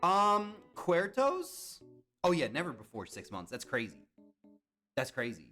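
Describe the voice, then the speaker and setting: A man's voice: on the high side, unhurried, soft background music. A young man streamer chatting casually and reacting to viewers' comments while playing browser games. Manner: animated, chatty, reads and answers chat. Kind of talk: casual live-stream chat.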